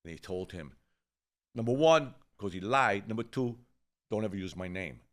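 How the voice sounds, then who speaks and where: A man's voice: on the low side, moderate pace. A man, telling an old neighborhood story in casual chat, swearing freely and acting out the people he quotes. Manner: rough-edged, swears freely, animated when quoting others. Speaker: show host telling a story.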